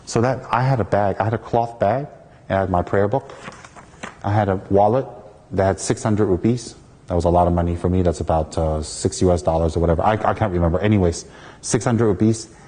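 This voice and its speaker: A man from the United States gives a dharma talk as a Buddhist teacher. His voice sits low and sounds mellow, and he tells a lively personal story, acting out each person in it. The sound carries a long reverb from a hall. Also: a little fast.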